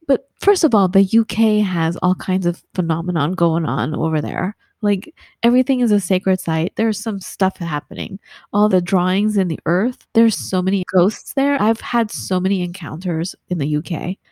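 A woman from Southern California with a Southern Californian accent, a guest in a casual conversation, telling stories in a chatty, animated way full of "like" and laughs. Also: on the low side, normal speed, no echo, studio quality.

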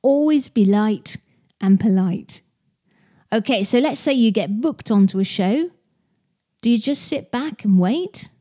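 A woman's voice: on the high side, expressive, measured pace, warm tone. A woman who hosts a podcast, giving business advice in a chatty, direct way and explaining with stories and analogies. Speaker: podcast host.

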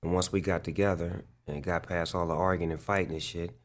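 With a deep voice and a steady tone, the rapper moves at a fairly quick clip. He's in a casual interview, rambling through profane stories thick with fillers and repeated "like."

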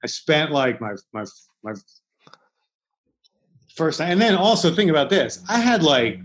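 A man's voice: medium pitch, poor audio. A middle-aged man telling a story in a casual interview, restarting often and swearing freely. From Philadelphia, United States. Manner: rambling, many restarts, swears freely, acts out quotes. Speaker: chef and interview guest.

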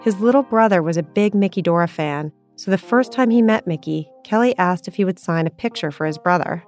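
Low-voiced female narrator, scripted podcast read over faint music. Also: brisk, darkish tone.

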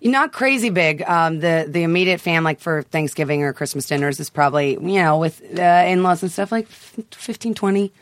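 A man chatting as a podcast guest, telling lively stories and often breaking into laughs. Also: on the high side, a little fast, dry recording, studio quality. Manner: chatty, animated storyteller with frequent laughs. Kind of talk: casual chat.

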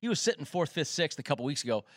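Male co-host, slightly high voice, excitable odds rundown, dry studio sound. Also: rapid-fire, dry recording. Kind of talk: sports betting talk.

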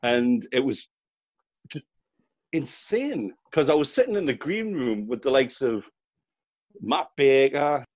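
A man's voice: mid-range voice, big pitch swings, slow pace, long pauses, a little mellow, no echo. Chatty Geordie man with a muffled sound. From North East England. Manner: chatty storyteller, laughs often. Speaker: guest, charity fundraiser runner. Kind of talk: casual interview chat.

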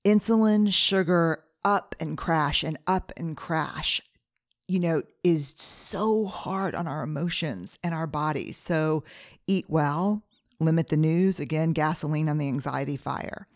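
A woman's voice: low voice, no echo, studio quality. A middle-aged woman hosting her own podcast, talking earnestly through numbered advice in a solo monologue. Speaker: podcast host.

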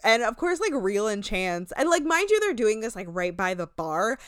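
A woman's voice: medium pitch, moderate pace, clean tone, no echo, clean studio sound. A woman co-hosting a casual podcast, animatedly recapping a show with lots of "like" and swearing. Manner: animated storytelling, swearing, heavy use of "like". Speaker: podcast co-host.

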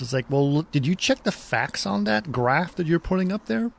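A man's voice: fairly high pitch, expressive, fairly quick, gravelly, hardly any pauses. Man talking politics, conversational. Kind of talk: casual political chat.

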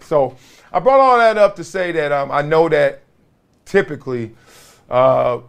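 Animated slangy man preaching life advice. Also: vocal fry. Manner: animated, swings between loud and low. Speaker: podcast host. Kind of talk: casual monologue.

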